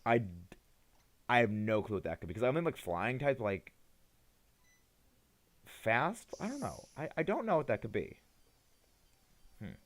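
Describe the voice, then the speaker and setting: A man's voice: medium pitch, very animated, unhurried, pauses often. A tired young man chatting casually on a live game stream, rambling and hesitant, often restarting his sentences. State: tired, yawning.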